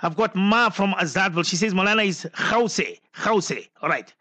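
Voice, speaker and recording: Guy on the radio, high bright voice, chatty, reading out listener messages, dry close sound. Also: moderate pace, no room sound. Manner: chatty, muses aloud and stumbles over pronunciations. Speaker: radio presenter. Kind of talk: casual on-air chat reading listener messages.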